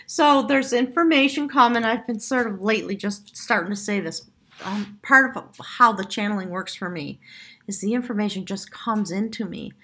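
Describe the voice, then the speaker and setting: A woman with a husky, airy voice reads tarot cards to camera. She talks in an effusive, heartfelt way and drifts between thoughts with gentle fillers. Her pitch sits in an ordinary middle range. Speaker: tarot reader. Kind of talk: spiritual tarot reading to camera.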